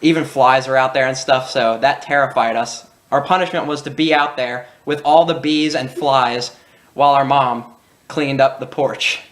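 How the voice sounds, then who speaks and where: Young male host, casual anecdotes, laughs easily, mid pitch. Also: normal speed, slight background noise. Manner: animated, laughing, acts out quoted voices. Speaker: channel host. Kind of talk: casual storytelling.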